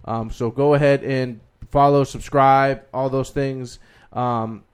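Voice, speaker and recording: A man's voice: medium pitch, steady tone, slow, smooth. A man co-hosting a podcast, laid-back with dry humor, reading plugs in casual banter. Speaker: podcast co-host.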